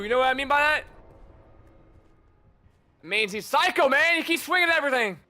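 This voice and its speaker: A man streams a game with a voice pitched extremely high, animated and fairly quick, breaking off often for pauses, his tone bright and forceful. He chats casually as a gamer streamer, teasing and taunting the opponents he runs into during this laid-back gameplay commentary.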